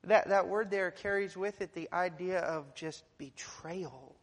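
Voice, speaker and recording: A man preaching a sermon, swinging from hushed, quiet passages to loud, emphatic climaxes. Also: sits high, measured pace. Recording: long hall reverb.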